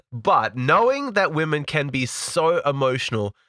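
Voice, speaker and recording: A man calmly lecturing as he comments on a reaction clip. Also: a little high, no echo, clean studio sound. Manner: measured, lecturing.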